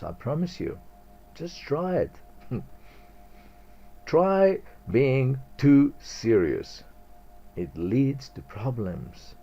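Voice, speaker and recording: A man's voice: medium pitch, dark tone, husky, dull audio. A man hosting a spiritual radio talk, reflective and chuckling often.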